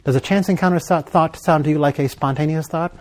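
A man preaching a sermon, leading his congregation in call-and-response and slowing down for emphasis. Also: on the high side. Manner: call-and-response, prompting the congregation to fill in words; emphatic, with slow deliberate stretches.

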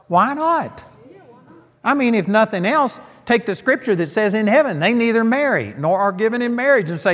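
A man's voice: sits high, animated, normal speed, a bit bright, big-room sound. A middle-aged man preaching a sermon, telling folksy stories and landing emphatic punchlines.

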